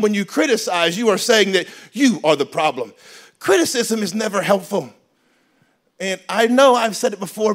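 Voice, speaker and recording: A man preaching a sermon as pastor in a church, animated and joking, switching between loud emphasis and quiet asides. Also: sits high. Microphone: handheld microphone.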